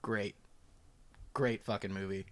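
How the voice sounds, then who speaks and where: Young male co-host, loose and excitable, quick to laugh and curse. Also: on the low side. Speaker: podcast co-host. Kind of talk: casual chat about movies.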